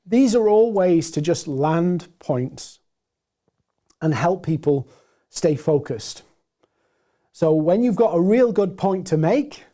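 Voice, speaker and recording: A man with a gruff, hoarse voice presenting a live webinar, animated and deliberate, moving between loud points and quiet pauses. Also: high voice. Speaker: webinar presenter and sales trainer.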